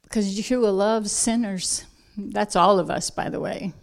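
A woman delivers a sermon at a slow, deliberate pace. She leans into emphatic lines and then drops to soft, quiet asides, keeping a mid-range voice throughout. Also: medium pitch, fairly even intonation. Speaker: preacher.

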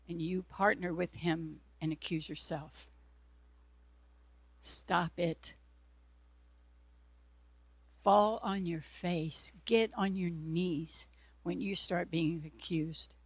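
A woman's voice: lowish voice, breathy edge, no room sound. A woman preacher giving an earnest sermon testimony, telling her story and acting out her own prayers and God's replies.

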